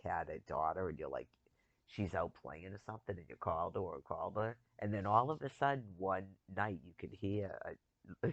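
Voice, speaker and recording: A man's voice: deep voice, no room sound, lo-fi sound. A man in casual chat, rambling and chuckling as he talks, with loose, profane phrasing.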